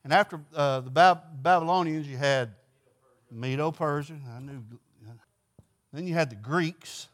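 A man's voice: on the high side, a little slow, pauses often. A man leading an informal Bible study class in a folksy way, putting questions to the group and answering them himself.

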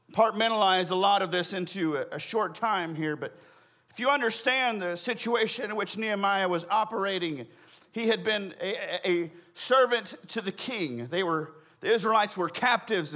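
A man preaching a sermon, reading scripture and telling a story, with quiet, lowered prayers. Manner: tells a joke story, acting out voices with rising pitch. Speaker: pastor.

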